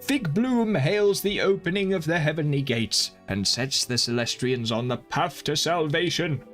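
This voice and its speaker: A man voicing an old, grave male lord from a game, with a solemn, stately delivery and a lowered voice. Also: expressive, unhurried, a bit bright, soft background music.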